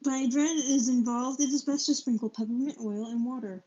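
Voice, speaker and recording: The voice is high, steady, and dark-toned: a young woman reading a book aloud live on stream. She reads haltingly, stumbling and correcting herself and spelling out tough words, over a poor mic setup with dull lo-fi sound.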